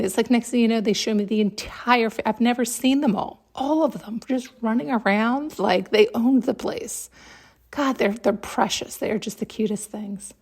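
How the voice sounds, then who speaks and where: A woman hosting a podcast, telling a story in a chatty, excitable way and laughing often. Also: a little high, normal speed, vocal fry. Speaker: podcast host. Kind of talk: casual storytelling monologue.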